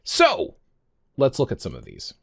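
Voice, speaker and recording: A man's voice: medium pitch, huge pitch swings, measured pace, vocal fry, breathy edge, no room sound, clean studio sound. A man in his fifties talking casually to camera in a vlog, rambling and often stopping to correct himself. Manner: rambling, self-correcting, stumbles on words. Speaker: pagan vlogger.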